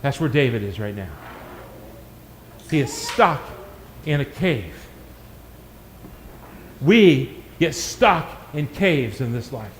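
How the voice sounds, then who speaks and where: A man preaching a sermon in a church, swinging from shouted climaxes to hushed, quick asides. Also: mid-range voice, lively intonation, big-room sound, slight background noise. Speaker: pastor.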